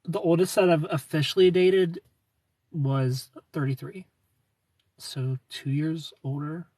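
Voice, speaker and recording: A man's voice: on the high side, steady tone, takes it slowly, dark tone, no room sound, distant mic. A man in his thirties hosting a casual livestream and answering viewers' comments, rambling, restarting sentences and chuckling often.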